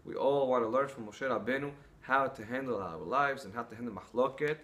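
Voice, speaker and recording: A man preaches an earnest sermon, telling stories and drawing lessons from them, with some restarts along the way. His voice is mid-range and fairly bright, and he talks fairly quickly.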